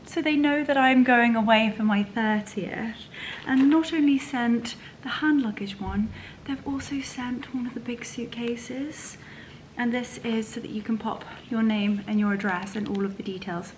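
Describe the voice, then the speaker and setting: Woman, 30, lifestyle vlogger: gushing, breathy half-whispers, a bit high. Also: normal speed, slight background noise, poor audio. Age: 30s. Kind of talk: casual vlog chat.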